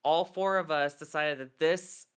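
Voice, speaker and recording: A woman's voice: sits low, a little slow, clear, resonant tone. A woman co-hosting a podcast, telling rambling stories in casual chat, full of fillers. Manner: rambling storyteller, many fillers. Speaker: podcast co-host.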